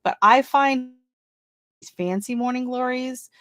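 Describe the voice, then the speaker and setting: A woman's voice: high voice, unhurried, a bit bright, dry recording, clean studio sound. A woman hosting a casual gardening livestream, chatting with viewers while reading seed listings aloud and reacting to them. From not from Canada. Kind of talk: casual live-stream chat.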